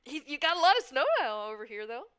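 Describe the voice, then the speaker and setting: A woman narrating as game master of a tabletop game, unhurried and often laughing. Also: high voice, animated, a bit bright, clear, resonant tone.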